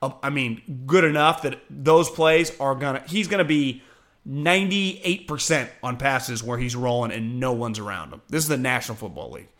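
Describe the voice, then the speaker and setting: He's in his thirties, from Northern California, and used to play defensive line professionally. On his casual sports show he talks at a normal speed and medium pitch, staying animated, blunt, and frequently profane.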